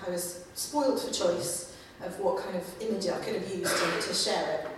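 A woman giving a conversational sermon, with many fillers and lively acted-out quotes. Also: on the low side, moderate pace, recorded from a distance, heavy background noise. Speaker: preacher. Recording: echoey room, voice from afar.

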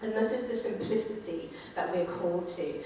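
A woman's voice: on the low side, moderate pace, darkish tone, distant mic, a little hiss or hum. Woman preaching in an echoey church. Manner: conversational, with many fillers and acted-out quotes. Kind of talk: sermon. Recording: echoey room, voice from afar.

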